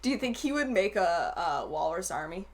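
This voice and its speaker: A woman's voice: mid-range voice, a little fast. A young woman hosting a casual movie review chat, retelling scenes with laughter. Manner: animated, laughing retelling, acts out quotes.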